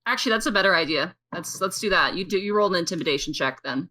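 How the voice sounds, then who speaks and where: Bright-voiced woman game master, chatty. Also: on the low side, animated, quick pace. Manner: chatty, hesitant with many fillers. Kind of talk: narrating a tabletop game and voicing characters.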